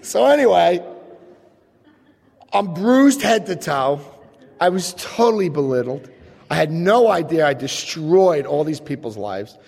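The same kind of storyteller: a man sharing a personal tale with a crowd, animated and laughing, acting out the quotes. His swooping voice goes high when he's excited, runs a little slow, carries vocal fry, and leaves long pauses. Behind him hangs a long, big-hall reverb.

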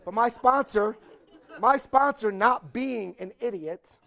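An older man telling a story at a recovery meeting, animated and acting out the dialogue, laughing as he goes. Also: high voice, slow, vocal fry. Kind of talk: storytelling talk.

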